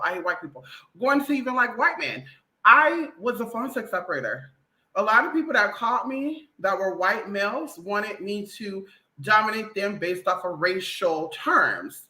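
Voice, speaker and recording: Brash woman vlogger, profane and animated, bright voice in an echoey room. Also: mid-range voice, normal speed. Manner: blunt, profane, animated, mimics others. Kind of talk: casual opinionated monologue.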